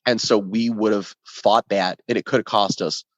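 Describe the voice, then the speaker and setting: A man who plays in a ska band, a guest in a casual podcast interview, telling an animated story that is often profane. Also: lowish voice, normal speed, dry recording. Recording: dull lo-fi sound, dry.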